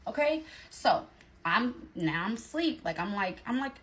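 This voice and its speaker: A woman's voice: mid-range voice, expressive, a little slow, fairly bright tone. A woman telling a personal story in casual storytime style, talking straight to her listeners with lots of emphasis.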